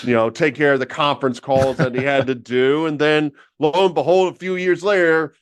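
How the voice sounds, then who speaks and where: A podcast co-host spins a rambling comic tale full of fillers. His voice sits somewhat high for a man. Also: steady tone, fairly quick, clean tone. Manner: rambling, filler-heavy storyteller. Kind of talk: casual comedic banter.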